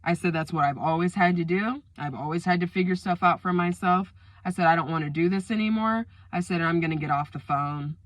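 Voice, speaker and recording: A woman telling a personal story time to her viewers, emotional and animated, acting out the quoted lines. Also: lowish voice, fairly quick, hardly any pauses, dry recording. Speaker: storyteller vlogger.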